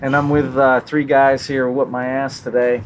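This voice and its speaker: A man hosting a casual podcast, a relaxed storyteller who acts out the quotes, recorded outdoors in a park. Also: mid-range voice, normal speed, slight background noise. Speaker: podcast host.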